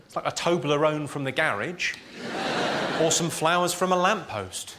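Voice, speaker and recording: A man's voice: fairly high pitch, expressive, normal speed. A man telling dry, bawdy stand-up stories. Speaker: stand-up comedian. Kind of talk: stand-up comedy. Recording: loud noisy live recording.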